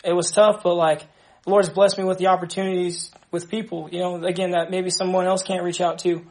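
A young man from Dallas giving an earnest, halting personal testimony to a group, with many restarts. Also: sits high, flat delivery, darkish tone. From Dallas, Texas. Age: young adult. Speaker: ministry member giving testimony.

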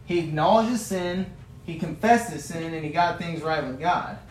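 A man's voice: on the high side, normal speed, reverberant, a little hiss or hum, low-quality recording. A male preacher giving a sermon, retelling a story in a folksy, vivid way and building to passionate emphasis.

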